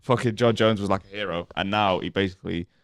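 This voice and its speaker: A man bantering on a comedy debate podcast, firing off rambling, crude stories at a quick clip. His voice sits fairly low, and the sound is close and dry with no room to it. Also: steady tone, clear, resonant tone, no room sound. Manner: rambling, swears freely, jokey storytelling. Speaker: co-host.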